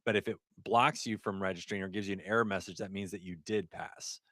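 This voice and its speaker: A man's voice: sits low, steady tone, fast talker, fairly bright tone, no echo, studio quality. A middle-aged man, an ER nurse, hosting a casual livestream, reading chat aloud and laughing often.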